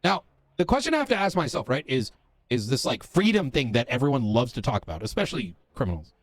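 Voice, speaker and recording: A man in character as a police officer in a roleplay game, lecturing in earnest and stopping often to pick his words. His voice sits at an everyday middle pitch, and the sound is close and dry with no room in it. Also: big pitch swings, no room sound. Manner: earnest, lecturing, halting with fillers.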